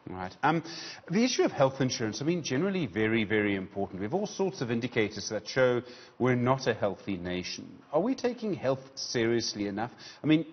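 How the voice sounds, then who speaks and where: A male news interviewer talks quickly, asking probing and conversational questions scattered with "I mean". His voice is husky and mid-pitched. The broadcast audio sounds a little dull. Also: big pitch swings.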